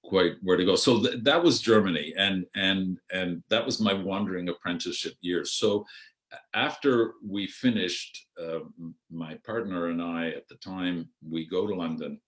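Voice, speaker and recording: An outgoing older Canadian artistic director, his voice very deep but fairly bright, reminisces at length about his theatre career on a video call. He speaks slowly, stalls with ums, restarts sentences, and slips into impressions of people he's describing, unhurried and hesitant throughout.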